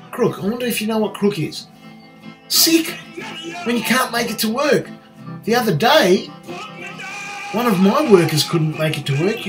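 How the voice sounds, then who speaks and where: Cheeky Australian man vlogging, slightly high. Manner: cheeky, jokey, swears casually. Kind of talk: casual vlog chat.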